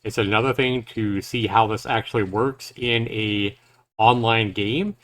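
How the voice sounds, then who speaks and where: A man's voice: fairly low pitch, fairly even intonation, unhurried, a bit bright. A man giving casual live reaction commentary on a game trailer, thinking aloud in a loose, rambling way.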